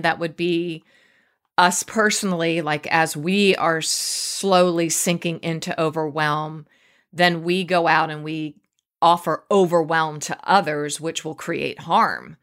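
A woman's voice: deep voice, steady tone, takes it slowly, a bit bright. A middle-aged woman hosting an inspirational podcast, talking in an earnest, emphatic way and lingering on her words. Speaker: podcast host. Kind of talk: reflective inspirational talk.

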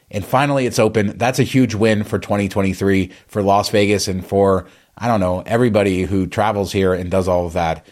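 A man's voice: fairly low pitch, darkish tone. A man co-hosting a podcast, chatting in a casual, enthusiastic way. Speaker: podcast co-host.

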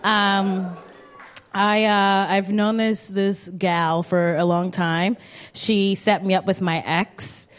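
Slow-talking woman co-host. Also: mid-range voice, little pitch movement. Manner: halting, filler-heavy introduction. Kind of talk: live show hosting. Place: live comedy stage.

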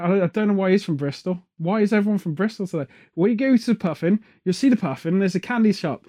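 A man hosts a podcast, chatting casually and drifting from one joke to the next. His voice sits high but sounds warm and mellow rather than sharp. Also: quick pace, hardly any pauses. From England. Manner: rambling, joking, off on tangents. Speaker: podcast host. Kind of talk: casual chat. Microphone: headphones on, studio mic.

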